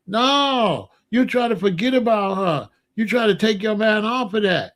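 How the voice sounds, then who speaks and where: A man's voice: high-pitched, moderate pace, hardly any pauses. A man talking casually and playfully in slang, giving loose, joking relationship advice straight to his listeners. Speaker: online talk host giving relationship advice.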